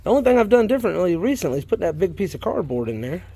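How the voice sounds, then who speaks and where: A man's voice: high voice, big pitch swings, very fast, gravelly, mellow, breathy edge. A man with a Southern US accent, chatting folksily to viewers in a rambling, casual way while tending his worm bins in a shed. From South Carolina, US. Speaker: worm farmer vlogger. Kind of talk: casual vlog chat while working. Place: garden shed.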